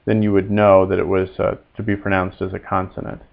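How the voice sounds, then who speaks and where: A man teaching a recorded Latin pronunciation lesson, speaking haltingly with many fillers and repeating each word for students to echo. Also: low-pitched, completely flat delivery, creaky, dull audio.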